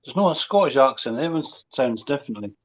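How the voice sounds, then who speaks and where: A man's voice: mid-range voice, lively intonation, fast. A man chatting casually as a guest in an online chat, laid-back and offhand. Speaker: stream guest. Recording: lo-fi call audio.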